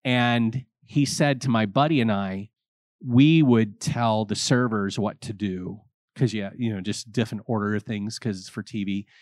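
A priest and vocations director telling his personal story in an interview, earnest and animated, acting out the people he quotes. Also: on the low side, no room sound, studio quality.

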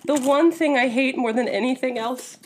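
A woman co-hosts a podcast in casual banter with friends, quick to laugh and curse. Her voice sits a little high, and a light hiss sits under a home microphone setup. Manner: playful, laughs often, swears casually. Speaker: podcast co-host.

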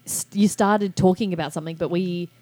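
Low-voiced woman chatting casually. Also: fairly even intonation, a little fast, mellow, no room sound. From Australia. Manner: chatty, swears freely. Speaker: podcast co-host. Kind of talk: casual chat.

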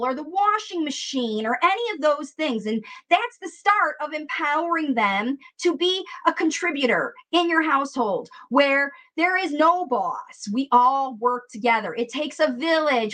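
Bright, high-voiced woman coaching parents. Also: low-quality recording. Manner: earnest and encouraging, often addresses viewers as ladies and gentlemen. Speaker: speech therapist and parent coach. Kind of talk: direct-to-camera coaching talk.

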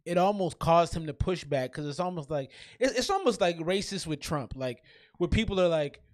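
A man's voice: fairly high pitch, expressive, normal speed, dry recording. Young guy podcast cohost, voice jumps all over, keeps restarting sentences, super dry sound. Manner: stammering restarts, opinionated, emphatic. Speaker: podcast co-host. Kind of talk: casual chat recapping a reality show.

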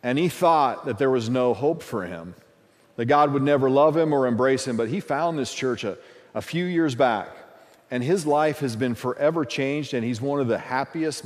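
A man's voice: medium pitch, in a large hall. A man preaching a sermon as lead pastor, building up with repeated phrases for emphasis.

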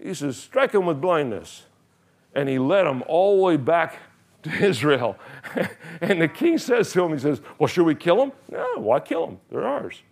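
Man, pastor, sermon, middle-aged, animated storytelling, wide-ranging pitch, slightly high voice. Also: normal speed. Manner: animated storytelling, acting out biblical characters' lines, laughing often.

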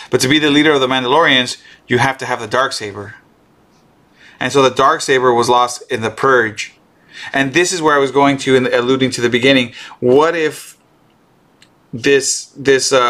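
A man chatting casually and excitedly about a show episode, swearing and restarting often. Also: medium pitch. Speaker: streamer co-host. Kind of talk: casual show recap chat.

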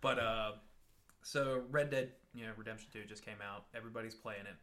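A man's voice: lowish voice, fairly quick. A man chatting on a casual podcast, telling stories with lots of restarts and laughs. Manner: stumbling restarts, laughs often, animated storytelling. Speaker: podcast co-host. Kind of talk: casual chat about video games.

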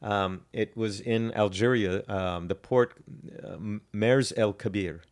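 A man's voice: fairly low pitch, steady tone, a little slow, darkish tone. A man co-hosting a history podcast, casually explaining events with frequent ums, restarts and self-corrections.

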